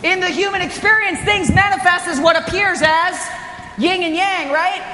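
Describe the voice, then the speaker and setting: Woman, motivational speaker, high voice, energetic and emphatic, long hall reverb. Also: normal speed, slight background noise. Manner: energetic, emphatic, often raising her voice. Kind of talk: inspirational conference talk. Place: hotel conference hall. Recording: echoey hall recording.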